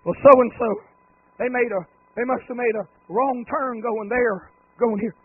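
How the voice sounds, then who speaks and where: High husky preacher, tinny sound. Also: male voice, fairly even intonation, no room sound. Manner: swings from low talk to rising, shouted, drawn-out cries; folksy humorous storytelling. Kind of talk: holiness sermon. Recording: tinny phone-like lo-fi recording.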